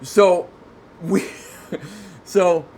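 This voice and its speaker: A man who is a guest on a podcast, telling a long story in casual chat, excitable and rambling, with lots of restarts. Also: sits high, extremely slow, husky.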